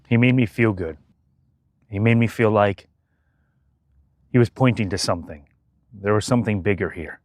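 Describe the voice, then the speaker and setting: A man calmly narrating his spiritual journey in a slow, measured, even cadence. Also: lowish voice, dry recording, studio quality. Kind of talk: calm reflective narration.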